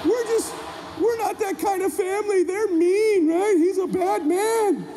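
A man voicing a doting, indignant mother who defends her young son in a high, fussy voice. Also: unhurried, dark tone. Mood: soothing, indignant. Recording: hall reverb with faint ambience.

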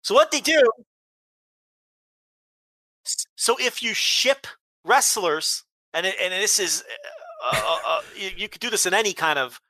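Bright-voiced, profane ranting male podcaster. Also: high voice, expressive, unhurried, pauses often, dry recording. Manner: blunt, profane, exasperated ranting. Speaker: podcast host. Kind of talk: casual chat, ranting.

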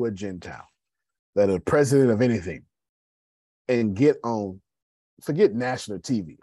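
Male host, husky low voice, loose motivational business talk, dry close sound. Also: darkish tone, no echo. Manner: conversational, addresses listeners as y'all.

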